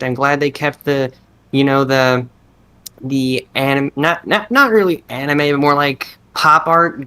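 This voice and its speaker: This podcast co-host has a fairly high, bright, smooth male voice. In casual chat he rambles and interrupts himself, restarting sentences and using lots of fillers as he gathers his thoughts.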